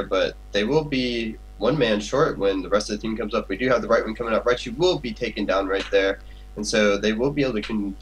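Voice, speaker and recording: A man casting a live esports match, giving steady play-by-play narration. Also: fairly low pitch, slightly rough, rough recording. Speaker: esports caster. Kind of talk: live game commentary.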